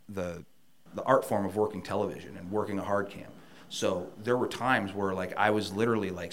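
A man guest telling a story in casual chat, animated and profane, and he gets heated. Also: lowish voice. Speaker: podcast guest, wrestler.

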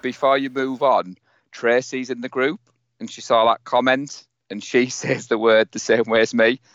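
A man's voice: mid-range voice, level tone, normal speed, dry recording, dull audio. A man with a Teesside accent co-hosting a casual sports chat, talking in a joking, self-mocking way. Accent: Teesside English. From North East England. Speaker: podcast co-host.

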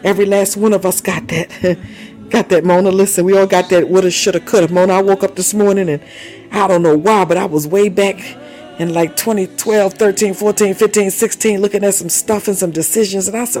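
A man with a high voice preaches with rising fervor, calling out to his listeners, laughing, and slipping into bursts of tongues. Soft music plays underneath. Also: fairly even intonation, normal speed. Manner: exhorting, laughing, breaking into tongues. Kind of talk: fiery sermon.

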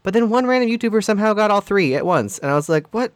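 A man's voice: high voice, expressive, quick pace, no echo. Male podcast co-host, rambling storyteller, dry booth sound. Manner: rambling anecdotes, acts out quoted dialogue. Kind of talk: casual chat, storytelling.

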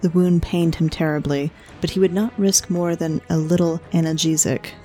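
A woman narrates a story in a measured, even manner. Her voice is low and mellow. Faint music plays under her.

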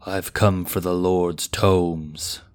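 Grim vengeful knight, read by a man, deep, slow, low-key; storybook fantasy. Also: fairly even intonation, clean tone, no room sound. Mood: solemn. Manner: slow, heavy, solemn delivery. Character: grim vengeful male knight, stern and bitter.

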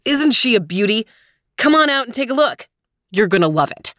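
A woman's voice: fairly high pitch, sing-song, normal speed, fairly bright tone, no room sound, studio quality, pitched above the performer's own voice. A woman reading as an eager dad with big plans. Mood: playful. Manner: upbeat, persuasive. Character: cheerful scheming dad full of big ideas.

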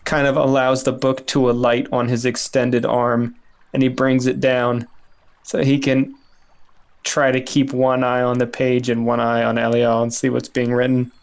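A man's voice: medium pitch, completely flat delivery, normal speed. A male player in a tabletop game, describing his character's actions in a playful, wordy way.

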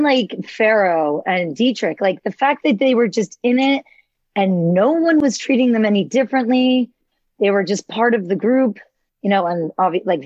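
Animated woman telling a story, dull dry sound. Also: medium pitch, no echo. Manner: animated storytelling with frequent laughs. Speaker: podcast co-host. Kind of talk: casual chat.

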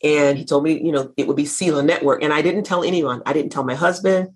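Fervent woman minister on a faith talk show, husky tone. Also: low voice, steady tone, quick pace, a little mellow. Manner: fervent, preacherly, repeats phrases. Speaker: minister and network founder. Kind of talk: christian talk show conversation.

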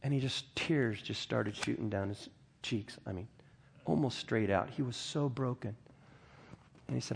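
A man's voice: medium pitch, lively intonation, measured pace, gravelly, husky. A middle-aged man preaching a sermon as pastor, earnest and emphatic, often restarting and stumbling over words.

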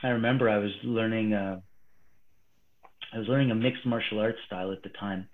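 A man, a martial arts guest, telling a story animatedly and swinging between hushed and excited delivery. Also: lowish voice, fairly quick. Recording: phone-like remote call line.

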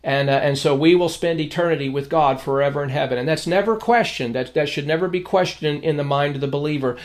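A man's voice: on the high side, quick pace. A man giving a theology lesson, emphatic, often repeating key phrases and citing scripture references. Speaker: Bible teacher. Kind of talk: theology lecture.

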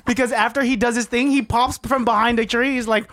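A speaker casually discussing a movie, lively, swearing freely and laughing often. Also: medium pitch, fast talker, no room sound, studio quality.

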